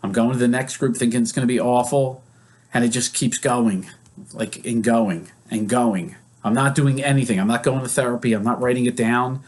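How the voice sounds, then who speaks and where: A man's voice: medium pitch, fairly even intonation, moderate pace. A male psychologist who leads therapy groups, teaching casually and acting out example scenes in quoted voices. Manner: conversational, with many fillers.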